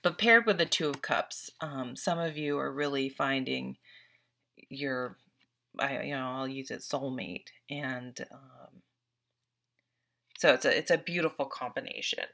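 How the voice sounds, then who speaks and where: A woman's voice: rumbling low, a little slow, gravelly, sharp tone, slight background noise. A young woman giving a casual, earnest tarot reading, openly emotional as she talks through the cards. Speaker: tarot reader.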